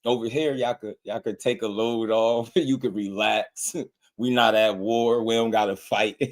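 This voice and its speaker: A man's voice: fairly low pitch, steady tone, a little slow. Laughing man hosting a boxing livestream. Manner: laid-back, laughs often, shouts out viewers by name. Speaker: boxing channel host. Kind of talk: casual livestream chat.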